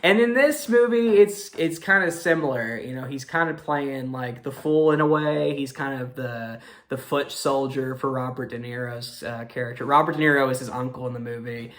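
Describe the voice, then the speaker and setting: A man's voice: medium pitch, normal speed, few pauses, a bit bright. A young man hosting a casual movie review, talking in a rambling way with many fillers and apologetic self-corrections.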